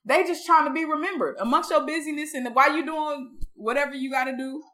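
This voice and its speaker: A frank woman co-hosting a relaxed chat show, reflecting out loud in easy slang. Her voice is bright and a little high, with a sharp, forward edge. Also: quick pace. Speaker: podcast co-host. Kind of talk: casual chat.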